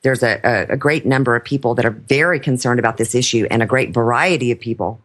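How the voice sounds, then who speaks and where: A man's voice: mid-range voice, fast, fairly bright tone. A man hosting a talk radio show, speaking earnestly and emphatically to his guests.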